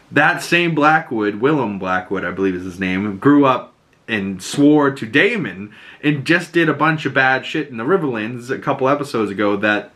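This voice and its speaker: A man hosting a podcast, recapping a TV episode in loose, excitable casual chat and swearing freely. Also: fairly low pitch.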